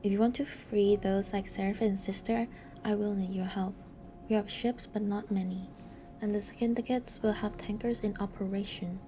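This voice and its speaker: A woman's voice: medium pitch, fairly even intonation, normal speed, dark tone, soft background music, natural voice. A woman doing a firm strike leader. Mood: commanding. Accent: Mexican Spanish accent put on. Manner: firm, commanding speech. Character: defiant strike leader rallying miners. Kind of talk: reading game dialogue aloud.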